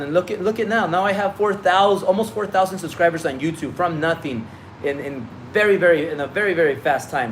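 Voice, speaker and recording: A man's voice: fairly high pitch, brisk, a little hiss or hum. A man giving a blunt, profane motivational talk on a livestream as a business coach, often restarting his sentences.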